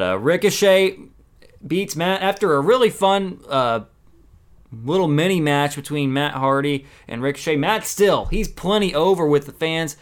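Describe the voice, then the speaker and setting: A man talking through a wrestling episode in a casual, opinionated recap, often sounding exasperated. His voice sits a little high and comes across smooth and clear. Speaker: wrestling show reviewer.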